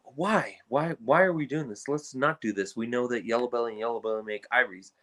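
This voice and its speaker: A man speaking as a reptile breeder guest in a casual podcast conversation, talking in a blunt, animated and exasperated way. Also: medium pitch, fairly quick.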